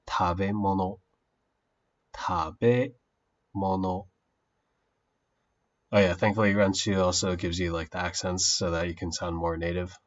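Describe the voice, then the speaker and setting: A man casually streaming his study session, thinking aloud slowly with many pauses and fillers. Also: low-pitched, muffled recording.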